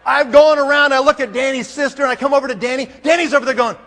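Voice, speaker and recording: A man telling a comic story as a conference speaker, animated and acting out scenes with sound effects, in a large hall. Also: very high voice, fast.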